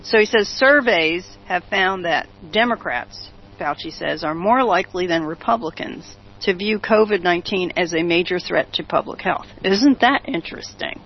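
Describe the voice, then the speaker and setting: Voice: mid-range voice, animated, normal speed, hardly any pauses, husky. A talk show host giving opinionated commentary, reading out news quotes and turning to a co-host with rhetorical questions. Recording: dull lo-fi recording.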